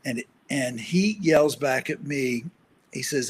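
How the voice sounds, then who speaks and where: A man's voice: mid-range voice, slow, breathy edge. An older man speaking as the guest counselor in an interview, direct and storytelling. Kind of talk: interview conversation.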